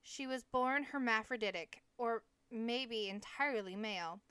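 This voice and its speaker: Woman giving voice to a cool, cynical tin man, even and smooth. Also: a little high, a little slow, no room sound. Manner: calm, cynical.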